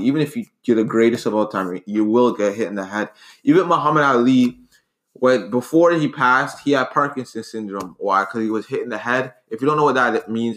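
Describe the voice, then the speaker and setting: A man's voice: medium pitch, fairly bright tone. A man arguing his side in a casual sports debate, earnest and rambling with frequent restarts. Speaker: debate co-host.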